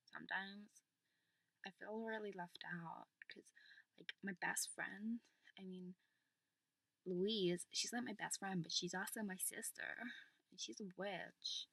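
A woman's voice: medium pitch, fairly even intonation, takes it slowly, gravelly, fairly bright tone, slightly rough, dry recording, exaggerated voice, rough recording. A woman playing a chatty teenage schoolgirl in an amateur character vlog, gushing along with a constant "like" and "totally". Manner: gushing valley-girl chatter, packed with "like" and "totally". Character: chatty teenage schoolgirl, human doppelganger among witches. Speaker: character vlogger.

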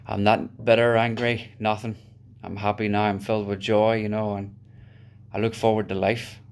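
A man from Northern Ireland giving a heartfelt personal testimony in a steady way, with occasional fillers. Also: fairly low pitch. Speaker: testimony speaker.

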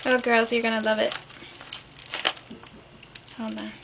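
Slow-talking gushing woman vlogger. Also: fairly high pitch, flat delivery. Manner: gushing and enthusiastic, many fillers. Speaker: crafting vlogger. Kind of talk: casual unboxing chat. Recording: clear background noise.

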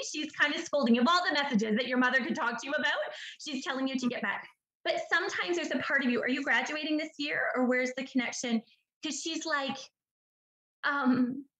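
A woman's voice: high-pitched, sharp tone, roomy sound, poor audio. A woman from British Columbia, giving a chatty psychic reading over a video call, full of "like" and "do you understand that?". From British Columbia, Canada. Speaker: psychic medium.

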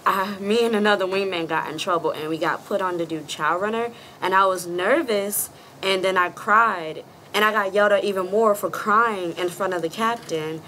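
A woman's voice: medium pitch, fairly bright tone, slight background noise. A woman military trainee earnestly telling her story to the class with formal address. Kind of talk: recounting a personal story in class.

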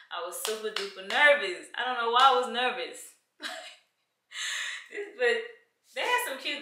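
Chatty woman vlogger with a bright voice. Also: mid-range voice, dry recording, poor audio. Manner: chatty, complaining, addresses viewers as y'all. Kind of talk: casual vlog chat to camera.

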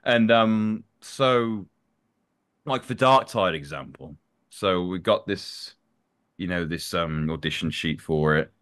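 A man, a voice actor, chatting in an interview in an animated, self-deprecating way, his voice swinging up and down. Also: deep voice, takes it slowly, clean tone. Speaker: voice actor guest. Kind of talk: casual interview chat.

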